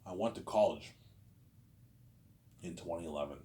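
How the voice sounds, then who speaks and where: A man's voice: low-pitched, moderate pace, dark tone, slight background noise. A man in his thirties rambling through a casual monologue, repeating himself and tagging lines with filler phrases. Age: 30s. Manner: repetitive, keeps saying "obviously" and "you know what I'm saying". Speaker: vlogger.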